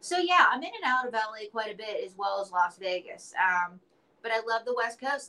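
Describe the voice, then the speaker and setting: Woman guest, chatty storyteller, bright clear tone, casual interview talk. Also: on the high side, expressive, moderate pace, poor audio. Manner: chatty storyteller with playful acted quotes. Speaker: interview guest, entertainer and author.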